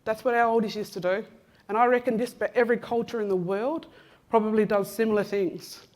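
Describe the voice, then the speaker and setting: A brisk, somewhat high woman's voice with a darkish tone and fairly even intonation belongs to a Western Australian speaker in her fifties with an Australian accent. She gives an Acknowledgement of Country in a large conference room, walking among listeners, teasing them by name and joking casually, with lots of "um"s.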